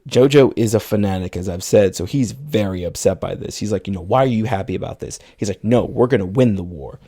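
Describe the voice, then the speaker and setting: A male podcast co-host chats through a film's storyline, quoting characters in passing. He speaks briskly, his lowish voice mellow with a breathy edge.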